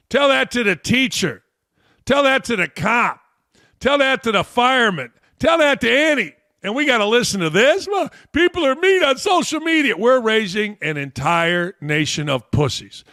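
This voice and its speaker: A middle-aged American man hosting a sports talk show, ranting bluntly and profanely with sudden shouted outbursts. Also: sits high, no room sound, studio quality. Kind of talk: opinionated sports rant.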